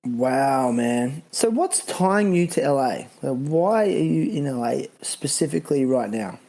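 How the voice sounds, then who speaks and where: A man's voice: medium pitch, animated, unhurried, vocal fry, warm tone. A man hosting a podcast interview, reading sponsor spots and chatting in laid-back surfer slang. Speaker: podcast host. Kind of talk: casual interview.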